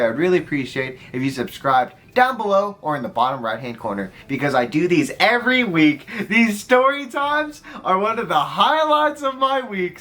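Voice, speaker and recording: A man's voice: fairly high pitch, a bit bright, a little hiss or hum. A man in his early twenties telling a heartfelt story in a rambling way, full of fillers. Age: 20s. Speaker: storyteller vlogger. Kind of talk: casual story time.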